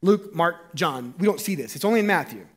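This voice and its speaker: A man preaching a sermon as pastor, animated and jokey, getting the congregation to repeat words after him. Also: a little high, brisk, breathy edge.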